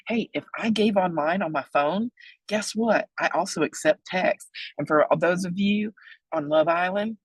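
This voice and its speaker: Woman in her 40s doing a fun webinar, raspy voice, jokes and asides, jumps way up when excited. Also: normal speed, dry recording, rough recording. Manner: playful, joking, chatty asides; big excited pitch jumps. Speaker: webinar presenter on donor relations. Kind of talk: lively online webinar talk.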